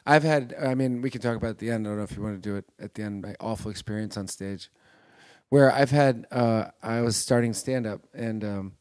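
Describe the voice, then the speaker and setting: A man, a stand-up comedian, telling stories in casual chat and acting out quotes loudly. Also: on the low side, fairly quick. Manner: animated storytelling, acts out quotes loudly.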